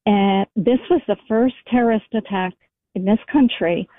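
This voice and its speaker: A woman's voice: mid-range voice, normal speed, no echo. Woman, radio caller, phone-line sound, earnest, hesitant. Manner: earnest, hesitant with many ums. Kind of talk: call-in radio talk.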